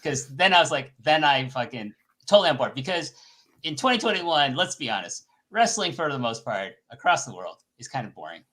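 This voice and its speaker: A man chatting as a podcast guest, blunt and heavy on the swearing. His pitch jumps all over the place and his voice has a bright edge. He sounds animated throughout. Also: fairly quick. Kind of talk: casual podcast chat.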